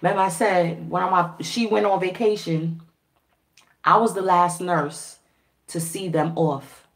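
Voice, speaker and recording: A woman vlogger telling a story to her viewers in a casual, animated way, swearing freely and laughing often. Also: fairly low pitch, unhurried. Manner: animated, profane, laughing, acts out quoted voices. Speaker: spiritual reader and vlogger. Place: at home.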